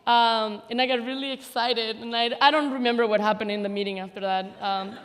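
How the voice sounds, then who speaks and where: A woman's voice: fairly high pitch, fairly even intonation, fairly quick, fairly bright tone. A woman in her thirties giving a memorial speech, telling a personal story in a chatty, laughing, self-teasing way, recorded live in a large hall. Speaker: memorial speaker. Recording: hall reverb, live event.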